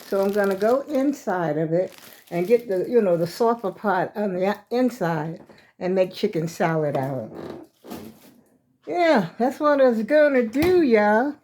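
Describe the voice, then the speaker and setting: Older woman, home vlog, mellow voice, out of breath, folksy chat, phone camera. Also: mid-range voice, lively intonation, a little slow, a little hiss or hum. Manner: chatty, folksy, addresses viewers as y'all. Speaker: vlogger. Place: her home, indoors.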